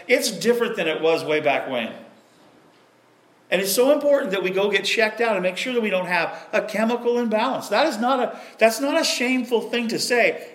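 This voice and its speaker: A middle-aged man preaching a sermon, lively and self-deprecating, acting out the voices he quotes. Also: sits high, reverberant. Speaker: pastor.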